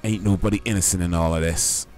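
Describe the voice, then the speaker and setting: A man's voice: deep voice, steady tone, fast talker, over music. A young man chatting casually while streaming a game, in a rambling, laid-back, slangy way. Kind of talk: casual live-stream chat while gaming.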